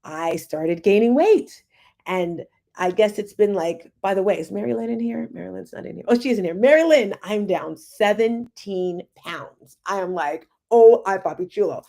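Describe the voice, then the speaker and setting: A woman in her fifties hosting a casual livestream, telling personal stories in a chatty, animated way. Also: medium pitch, moderate pace, gravelly. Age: 50s. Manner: chatty, animated storytelling with laughs. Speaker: livestream host, confidence coach. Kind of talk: casual group livestream talk.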